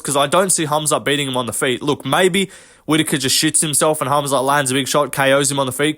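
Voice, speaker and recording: The voice belongs to a young MMA commentator, medium in pitch and somewhat bright. His reaction is relaxed and full of curses and filler words, the kind of loose banter you'd hear between friends.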